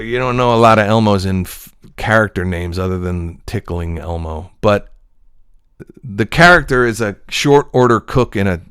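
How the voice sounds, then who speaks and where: A man's voice: on the low side, fairly bright tone, smooth, no room sound, clean studio sound. A man talking in a casual monologue, telling a film story in an earnest, rambling way, full of restarts. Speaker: host.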